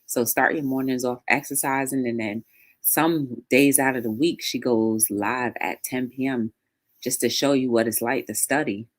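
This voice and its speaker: At a moderate pace and in a bass voice, a woman runs a casual livestream talk show. Between reflective stretches, she excitedly and brightly greets viewers by name.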